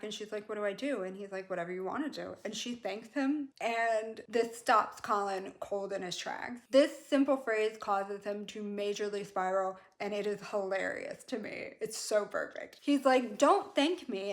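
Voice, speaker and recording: A woman chatting casually about a book she is rereading, gushing and playful. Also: medium pitch. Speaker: book vlogger. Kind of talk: casual chat.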